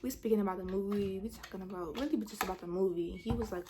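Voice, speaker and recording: A woman vlogger telling a story in a casual, slangy way, with lots of fillers and animated retelling. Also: medium pitch, fast, few pauses, background noise.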